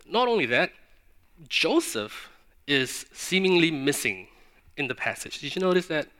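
Bright-voiced male preacher. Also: a little high, sing-song. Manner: earnest, questioning, with pauses for emphasis. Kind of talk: sermon.

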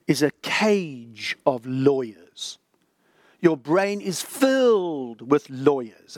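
Dramatic, high, animated older preacher. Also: male voice, no echo, studio quality. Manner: dramatic, drops to a whisper for the inner voice. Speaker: pastor. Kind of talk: sermon.

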